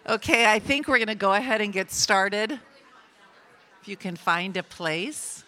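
A woman's voice: mid-range voice, animated, measured pace, sharp tone. An older woman, a grandmother, speaking to a women's gathering in a chatty, personal sermon style that teases the audience now and then.

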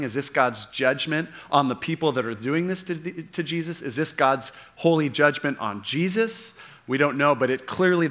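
Man, preacher, earnest sermon, fillers and restarts, bright forceful tone. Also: mid-range voice.

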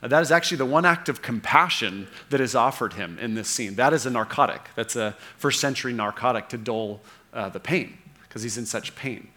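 A man's voice: mid-range voice, brisk, pushed and bright. A man preaching a sermon, earnest and unscripted, with frequent fillers and restarts.

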